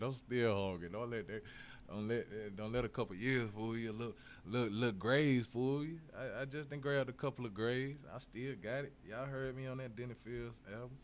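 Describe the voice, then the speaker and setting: A man's voice: medium pitch, a little hiss or hum. A man hosting a casual webcast, talking in a laid-back, slangy and heavily profane way that rambles with fillers. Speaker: host. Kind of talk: casual crypto webcast talk.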